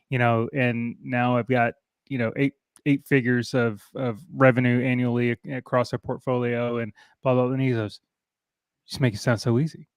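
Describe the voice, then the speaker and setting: A man hosts a podcast at a middle pitch. He tells stories haltingly and stumbles over repeated words. His voice sits dry and close, without any roominess. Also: no echo. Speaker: podcast host. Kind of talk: casual conversation.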